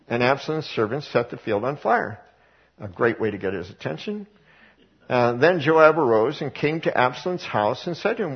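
A man's voice: medium pitch, sing-song, moderate pace, husky, highs cut off. A male preacher reading scripture aloud and then explaining it in casual everyday words. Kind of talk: verse-by-verse sermon.

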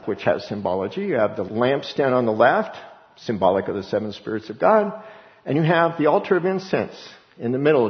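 A male pastor delivers an animated sermon and slips into voices for the people in the scripture, jumping up in pitch as he does. His voice rings out with a long reverb in a large hall. The sound is dull and muffled. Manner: animated preaching, acts out scripture voices with sudden rises in pitch.

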